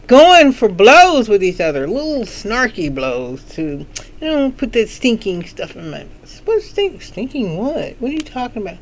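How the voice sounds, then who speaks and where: A woman hosts a casual book chat at an unhurried, drawn-out pace. She talks in a chatty, sassy way and breaks into laughter often. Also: medium pitch, very animated. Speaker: host of a book chat show.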